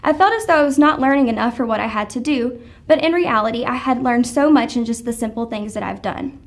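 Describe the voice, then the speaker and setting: A young graduating woman delivers a prepared speech to her classmates. Her voice sits high, and her tone stays earnest and encouraging throughout. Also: brisk. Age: young adult. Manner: earnest, encouraging, read from script. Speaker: graduating student speaker.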